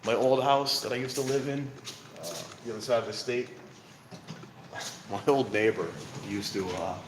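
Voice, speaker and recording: A man's voice: mid-range voice, moderate pace. A man casually telling rambling stories at a train station at night, chuckling often, filming himself on a handheld camera. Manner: chatty, chuckles often between remarks. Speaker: vlogger. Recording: noisy outdoor ambience. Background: outdoor ambience.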